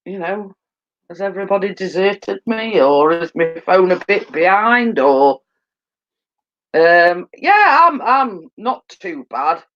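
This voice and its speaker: Woman host, tired with a cold, slow rambling chat, muffled lo-fi phone sound. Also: fairly low pitch, lively intonation. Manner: rambling, filler-heavy, repeats "as I say". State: tired and yawning, coming down with a cold. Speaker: livestream host. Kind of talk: casual chat.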